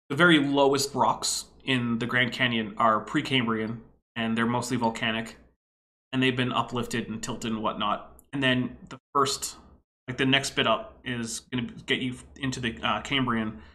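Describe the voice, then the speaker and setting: A man with a bright, forceful tone talks casually from home, rambling through explanations. He is knowledgeable but leans on plenty of ums and likes. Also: mid-range voice. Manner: rambling, knowledgeable, filler-heavy. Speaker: co-host reacting to a video. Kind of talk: casual commentary. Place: home room.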